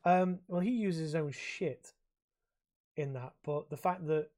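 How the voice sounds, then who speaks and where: A man's voice: on the high side, a little slow, darkish tone. A man, co-hosting a podcast in casual chat, swearing and rambling as he talks. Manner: sweary, rambling, laughs often. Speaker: podcast co-host.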